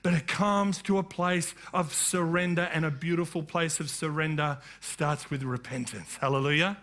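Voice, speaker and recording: A man's voice: a little high, fairly even intonation, normal speed, fairly bright tone. A man pastor preaching a sermon, emphatic and rising, with frequent calls of amen.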